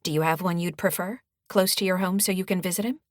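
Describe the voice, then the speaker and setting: A woman voicing a female hospital doctor who speaks in a calm, clinical way. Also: on the low side, fast, no echo, clean studio sound, close to an everyday voice.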